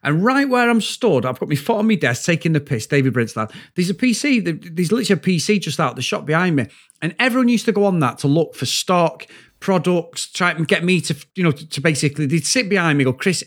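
A man from England tells a story in a loose podcast chat. His voice sits a bit high for a man and leaps up and down in pitch as he acts out the other people in it. He swears freely and talks in a rambling way. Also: fast talker. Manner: animated, swearing, acts out quotes. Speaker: guest storyteller.

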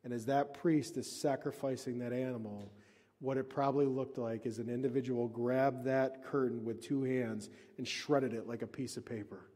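A man preaching a sermon as pastor at a church service, moving from emphatic reading to hushed, intense explanation. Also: medium pitch, fairly even intonation, normal speed, big-room sound.

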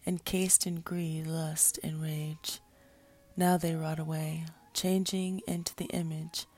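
A woman's voice: fairly low pitch, darkish tone, breathy edge, heavily acted. A woman voicing a solemn divine man. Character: calm, solemn divine man speaking with authority.

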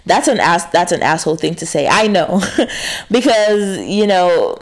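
A woman's voice: lowish voice, animated, unhurried. Frank, swearing woman rambling casually. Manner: frank, swears freely, many fillers and restarts. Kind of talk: casual confessional monologue.

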